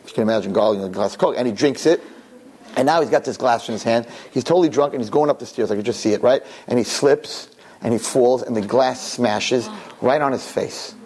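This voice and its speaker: A man, a rabbi, giving a Torah lesson and telling a parable in an animated way, often asking "right?". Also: medium pitch, a little fast. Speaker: rabbi teaching students.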